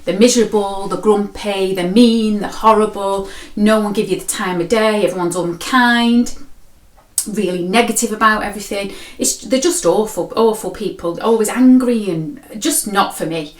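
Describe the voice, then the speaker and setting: A woman's voice: mid-range voice, normal speed, close to an everyday voice. A woman voicing a grumpy, fed-up man who complains about everyone. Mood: grumbling. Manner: huffy, complaining. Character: grumpy fed-up adult man leaving home. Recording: roomy echo.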